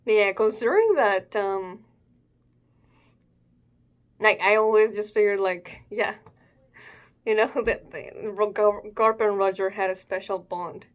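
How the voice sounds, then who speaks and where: A woman's voice: mid-range voice, slow pace, pauses often, highs cut off. A young adult woman giving casual reaction commentary, thinking aloud hesitantly with fillers as she hosts her own video. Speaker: manga reaction host.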